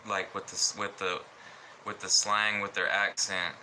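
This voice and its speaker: Homem lento e tranquilo do Alabama, sotaque sulista. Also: male voice, deep voice, level tone, pushed and bright, a little hiss or hum, rough recording. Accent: Southern US. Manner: slow, rambling, lots of fillers. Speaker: livestreamer. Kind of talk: casual rambling livestream chat.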